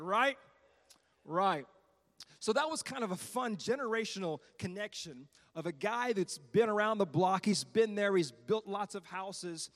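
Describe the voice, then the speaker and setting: A middle-aged man preaching a sermon as a children's minister, lively and talking straight to the congregation. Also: high-pitched, normal speed. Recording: long hall reverb.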